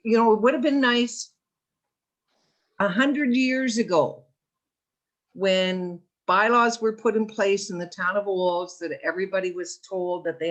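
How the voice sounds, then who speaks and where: A woman's voice: mid-range voice, lo-fi sound. A woman town councillor making an insistent, emphatic case in a council meeting over a video call.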